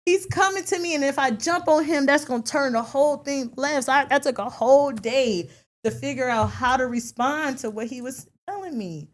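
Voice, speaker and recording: A middle-aged woman chats frankly on a podcast panel, her voice sitting a little high. She tells her parenting stories with animated energy and some casual swearing. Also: moderate pace. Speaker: podcast co-host. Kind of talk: casual round-table chat.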